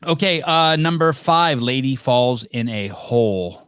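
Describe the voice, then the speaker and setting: A man's voice: medium pitch, expressive, unhurried, fairly bright tone, smooth, no room sound, clean studio sound. A man hosting a live call-in podcast, joking and teasing callers in casual, rambling banter. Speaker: podcast host.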